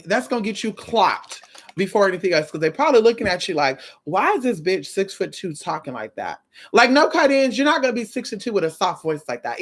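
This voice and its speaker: A woman with a slight lisp gives sassy reaction commentary, her voice jumping lively up and down. She drawls out "girl" and "honey" as she talks to the viewer. Her voice sits mid-pitched. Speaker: commentary host.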